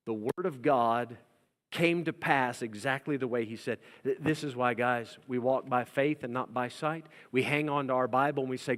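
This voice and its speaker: A male pastor preaching a sermon with dramatic delivery, acting out quoted voices and swinging from loud to hushed. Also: medium pitch, big-room sound. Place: church sanctuary.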